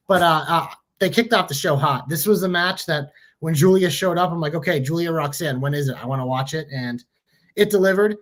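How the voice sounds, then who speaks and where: A man co-hosting a podcast, chatting casually and excitedly about wrestling with frequent swearing. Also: on the high side. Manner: excited, profane, enthusiastic. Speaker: podcast co-host.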